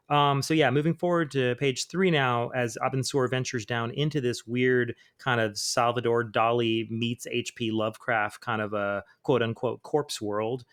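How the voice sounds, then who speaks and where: A man's voice: mid-range voice, clear, resonant tone. A man hosting a comics podcast, chatting casually with lots of fillers and reading quoted lines with dramatic flair. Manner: reads quotes with dramatic flair between laid-back asides. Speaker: podcast host. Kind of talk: casual comic book commentary.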